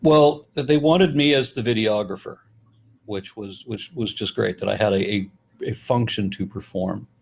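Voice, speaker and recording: A middle-aged American man talking casually as a guest, blunt and profane, animated, with frequent restarts. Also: fairly low pitch, normal speed, gravelly, slightly rough. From United States. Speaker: YouTuber and guest. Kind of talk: casual conversation.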